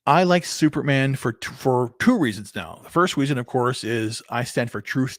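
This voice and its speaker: This is rambling solo livestream talk from a vlogger in his fifties, meandering as he thinks aloud, with frequent restarts, repeated words and offhand swearing. He speaks at a moderate pace in a mid-range voice, captured in studio quality without any room sound.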